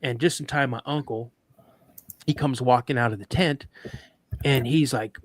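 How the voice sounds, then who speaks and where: Brief: male talk show guest, dramatic storyteller, stammers, mid pitch, dry sound. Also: moderate pace, long pauses, no room sound. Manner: vivid, dramatic retelling with stammered restarts.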